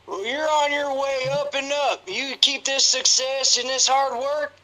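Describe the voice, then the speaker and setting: A man's voice: very high-pitched, unhurried, pushed and bright, low-quality recording. A male caller speaking in an earnest, folksy way, full of praise. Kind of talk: call-in phone chat.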